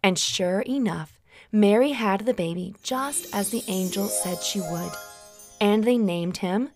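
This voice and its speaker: A woman hosting a children's Bible story, reading gently and asking her young listeners to answer aloud, her voice still recovering from having been lost. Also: medium pitch, a little slow, soft background music.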